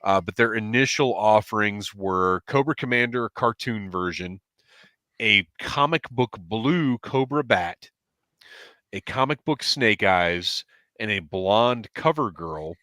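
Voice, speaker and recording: A man's voice: lowish voice, lively intonation, slow pace, sharp tone, no room sound, clean studio sound. A man hosting a casual livestream podcast over a headset from home, chatting and reading out viewer comments. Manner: chatty, reads chat comments aloud. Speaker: podcast host.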